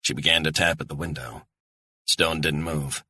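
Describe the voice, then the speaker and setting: A man narrating a thriller audiobook in a measured, tense delivery. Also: rumbling low, steady tone, pushed and bright, slightly rough, dry recording.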